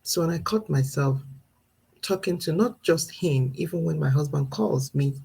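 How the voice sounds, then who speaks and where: A woman's voice: sits low, normal speed, creaky, warm tone, breathy edge, rough recording. A woman in her thirties, a mother sharing earnest, reflective thoughts in a casual live video and laughing now and then between points. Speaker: parenting vlogger. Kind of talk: casual live-stream talk.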